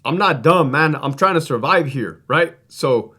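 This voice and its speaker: A man's voice: fairly high pitch, animated, measured pace, sharp tone. Blunt, swearing man spinning a story. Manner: blunt, profane, conversational with many fillers. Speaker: former prison guard telling stories. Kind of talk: casual storytelling to camera.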